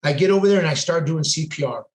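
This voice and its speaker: A man's voice: fairly high pitch, fast. Intense storytelling man, echoey room. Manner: intense, quotes dialogue as he tells it. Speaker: podcast guest, police sergeant. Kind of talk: casual storytelling.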